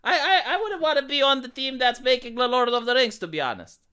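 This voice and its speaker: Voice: sits high, animated, fast, sharp tone, smooth. A YouTuber giving an emphatic, profane and sarcastic rant in a video commentary.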